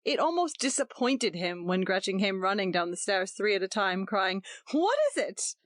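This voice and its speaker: Female audiobook narrator, measured and even, dry booth. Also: medium pitch, no echo. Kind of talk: scripted narration.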